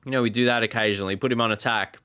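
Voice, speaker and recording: A man's voice: mid-range voice, fairly even intonation, very fast, pushed and bright, clear, resonant tone. A man giving let's play commentary as a gaming YouTuber, often exasperated and talking back at the game.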